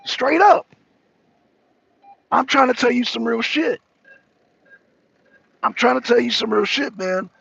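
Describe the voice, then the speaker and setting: High, gravelly American man ranting. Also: animated, slow, long pauses, a bit bright, no echo, lo-fi sound. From United States. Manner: profane, repetitive, raising his voice. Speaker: talk show host. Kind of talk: heated political rant. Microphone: streaming microphone.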